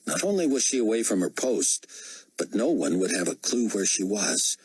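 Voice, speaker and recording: A man reading an audiobook in steady, measured narration. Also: fairly low pitch, slightly rough, dry recording, low-quality recording. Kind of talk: scripted narration.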